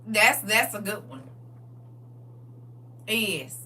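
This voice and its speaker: Woman doing a live stream, bright voice, lively and preachy, kinda far from the mic. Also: medium pitch, very slow. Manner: lively, preachy, laughs often, answers viewers directly. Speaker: livestream host. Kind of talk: casual livestream chat reading viewer comments.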